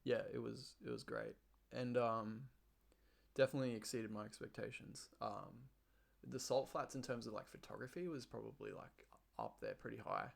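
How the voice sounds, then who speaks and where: A young Australian man chatting casually as a podcast guest, relaxed and full of "like" fillers. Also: medium pitch, normal speed, creaky. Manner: relaxed, filler-heavy with frequent "like". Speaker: guest photographer. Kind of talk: casual chat.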